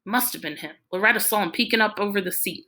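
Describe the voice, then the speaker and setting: A woman voicing a nervous, jittery bearded man who talks fast and pleads. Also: mid-range voice, sharp tone, lightly acted.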